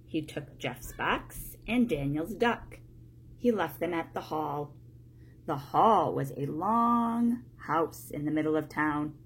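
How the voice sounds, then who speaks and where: A woman reading a children's storybook aloud in a plain, steady way, one sentence at a time. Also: deep voice, slow, a little hiss or hum. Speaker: storybook reader.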